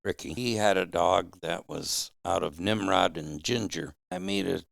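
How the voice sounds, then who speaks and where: Male guest, matter-of-fact teller, deep and heavily gravelly voice. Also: a little slow, no room sound, studio quality. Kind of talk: casual storytelling.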